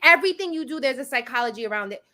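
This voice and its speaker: Female host, high, bright, enthusiastic. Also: expressive, racing. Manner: enthusiastic, effusive praise. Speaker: interview host. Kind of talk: casual interview chat.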